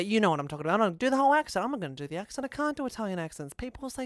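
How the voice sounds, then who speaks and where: A man's voice: sits high, big pitch swings, very fast, few pauses, no room sound. A man hosting a podcast, introducing the episode in a playful, jokey way with rambling asides. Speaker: podcast host.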